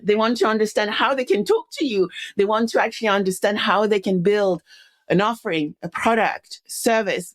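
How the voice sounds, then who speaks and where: A woman hosting a podcast interview, introducing her guest and asking questions with emphatic energy. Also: mid-range voice. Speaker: podcast host.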